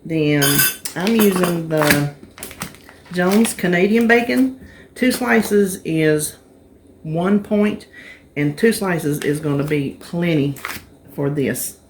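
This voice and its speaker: A woman's voice: on the low side, slow pace, darkish tone, slight background noise. Chatty woman cooking on camera. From North Carolina, US. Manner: chatty, homey, talks the viewer through each step. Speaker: cooking vlogger. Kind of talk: casual cooking demonstration.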